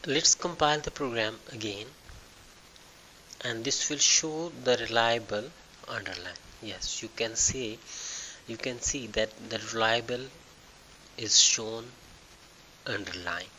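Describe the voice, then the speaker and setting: Bright-voiced man teaching a software tutorial. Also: medium pitch, slight background noise, low-quality recording. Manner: halting, thinking aloud with fillers and restarts. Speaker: tutorial instructor. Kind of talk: screen-recorded software tutorial.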